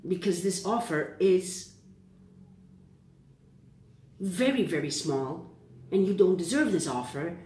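A woman giving a casual tarot reading to camera. She is excitable and keeps checking in with "okay?". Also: medium pitch, roomy sound. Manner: excitable, repeats "okay?" often. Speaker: tarot reader.

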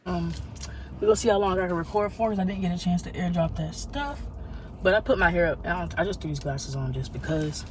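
Young woman vlogger, low voice, rambling casual chat into a handheld phone, noticeable background noise. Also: expressive, a little fast. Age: 20s. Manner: chatty, rambling, uses dialect slang. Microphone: phone camera held close.

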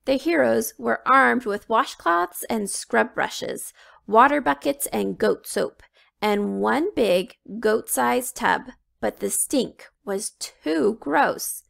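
A woman reading a children's storybook aloud, slow and expressive. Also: on the high side, gravelly. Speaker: children's book reader.

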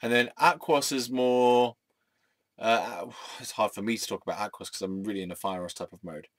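A man's voice: fairly low pitch, steady tone, moderate pace, dry recording. A young man rambling in a scattered monologue, often laughing, swearing and losing his train of thought. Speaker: vlogger. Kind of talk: rambling stream-of-consciousness monologue.

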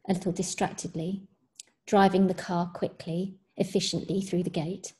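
A woman teacher reading a short story aloud in a measured, expressive way. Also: fairly low pitch.

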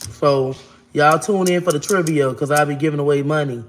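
A woman hosting a casual livestream, talking fast and giving shout-outs to viewers as she reads their comments. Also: low voice, a little hiss or hum.

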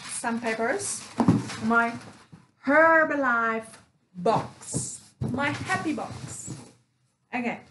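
A woman hosting a casual unboxing vlog, talking with excitement, repeating her phrases and using uneven grammar. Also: a little high, very slow, long pauses, noisy background. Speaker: vlogger.

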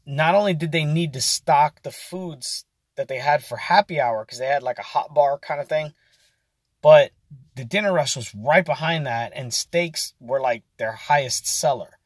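A man's voice: a little high, normal speed, slightly rough, no echo, studio quality. A man in his forties telling a story in a casual, rambling vlog with many fillers and restarts. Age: 40s. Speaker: vlogger.

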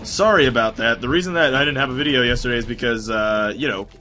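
A man with a sore, strained voice, rambling excitably through casual commentary on a game he is playing. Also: mid-range voice, fast, faint music behind. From United States. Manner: rambling, excitable, swears often. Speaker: gaming commentator. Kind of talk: casual let's play commentary.

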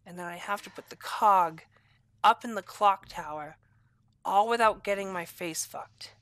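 A woman doing let's-play commentary on a horror game, excitable and profane, swinging between groans and shrieks. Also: mid-range voice, a little slow, no room sound. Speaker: game streamer.

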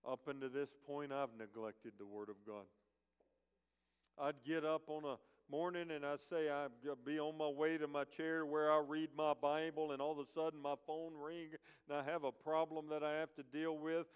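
A man's voice: a little high, little pitch movement, moderate pace, smooth. A man giving a sermon as a guest preacher at a pulpit, telling a story with emphatic repetition. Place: church sanctuary. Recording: dull church-hall recording with long reverb.

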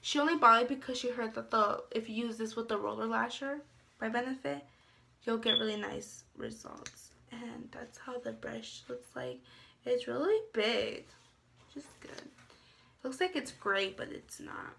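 A woman's voice: on the high side, moderate pace, gravelly, pushed and bright, slight background noise. A young woman chatting casually in a beauty haul video, rambling with lots of filler words. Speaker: beauty vlogger.

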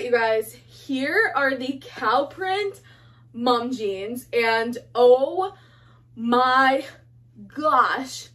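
A young woman chatting excitedly to her phone camera, gushing and chatty, with lots of fillers. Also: on the high side. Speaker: fashion haul vlogger. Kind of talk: casual excited chat to camera.

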